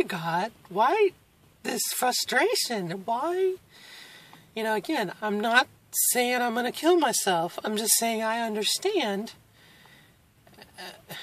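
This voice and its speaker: A woman in her forties speaking candidly in a personal video diary. She is emotional and halting, close to tears, with nervous laughs. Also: mid-range voice. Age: 40s. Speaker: vlogger.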